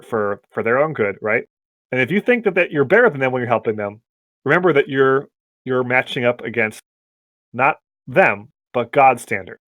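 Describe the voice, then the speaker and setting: A man's voice: medium pitch, fairly bright tone, no room sound. Reflective man leading Bible study. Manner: reflective, self-deprecating, laughs often, restarts. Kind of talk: casual group Bible study discussion.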